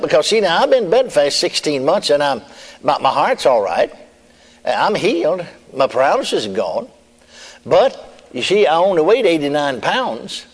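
A man preacher telling a testimony in a folksy storytelling manner, chuckling and adding amen. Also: fairly high pitch. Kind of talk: sermon testimony. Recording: long hall reverb.

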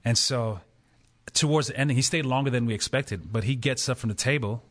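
A man's voice: medium pitch, a little fast, a bit bright. Laughing man telling a story. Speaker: pastor and podcast guest. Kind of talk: casual storytelling on a podcast.

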